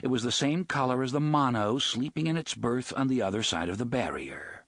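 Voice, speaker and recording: Male audiobook narrator, husky, lively intonation, dry close studio sound. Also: mid-range voice, a little fast, no echo. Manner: expressive, dramatic storytelling. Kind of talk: scripted narration.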